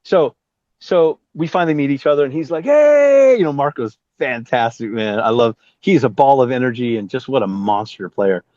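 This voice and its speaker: A middle-aged Southern Californian musician with a darkish, medium-pitched voice talks a little fast, with no echo. During a casual interview he narrates a story, cursing freely and mimicking other people. The recording sounds slightly dull and dry.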